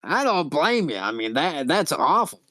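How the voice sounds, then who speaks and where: A man voicing a proud alien woman leader in a raspy voice for a tabletop role-playing game, weary and indignant. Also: fairly high pitch, sing-song, moderate pace, bright, forceful tone, no room sound, studio quality.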